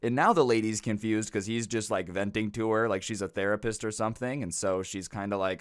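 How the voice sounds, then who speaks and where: A man's voice: on the low side, steady tone, a little fast, few pauses, smooth, no echo. A young man narrating casual storytime anecdotes with chatty, incredulous asides, close to the mic. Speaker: storytime YouTuber.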